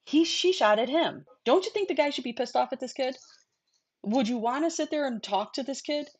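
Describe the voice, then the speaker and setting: This New York host's voice sits high and sounds husky and animated, moving at a moderate pace. She runs a casual true-crime livestream, rambling chattily and addressing her viewers directly.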